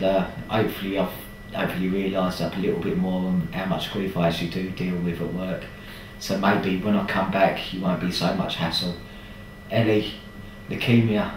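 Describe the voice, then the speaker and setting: A man's voice: sits low, a little hiss or hum. A man in a hospital ward, speaking a chatty, jokey video message of thanks with affectionate banter. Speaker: message sender thanking staff. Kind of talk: casual spoken video message. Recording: echoey room, distant mic.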